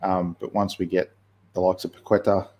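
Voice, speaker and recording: A man co-hosting a football podcast, his voice low, dark and mellow. He speaks in a flat, even tone with little rise and fall, relaxed and conversational. He drifts through his points with easy fillers. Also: normal speed. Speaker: podcast co-host and youth football coach. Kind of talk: casual football podcast chat.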